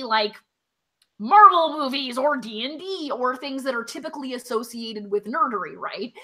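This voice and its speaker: A woman's voice: sits high, expressive, moderate pace, pushed and bright. A woman co-hosting a comedy podcast, rambling casually, swearing freely and laughing between thoughts. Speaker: podcast co-host.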